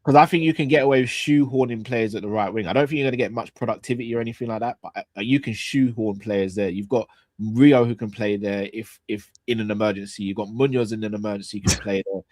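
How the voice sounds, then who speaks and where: A man co-hosting a football fan show in casual chat, animated and repeating himself, using slang. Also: fairly low pitch, quick pace, no echo. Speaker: co-host of a fan talk show.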